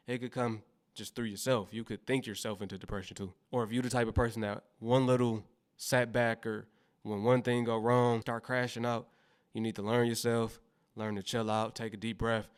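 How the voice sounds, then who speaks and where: A man's voice: mid-range voice, little pitch movement, moderate pace, smooth. Preachy man giving reaction commentary. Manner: preachy, motivational, faith-minded. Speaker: host reacting to clips.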